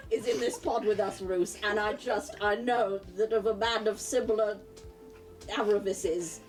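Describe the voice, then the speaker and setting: A woman trades jokes at a tabletop game, laughing easily as she talks. Her pitch swings up and down. She sits back from the mic while loud music plays underneath. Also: lively intonation, measured pace, far from the mic. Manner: giggly, teasing, bursts of laughter. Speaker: player.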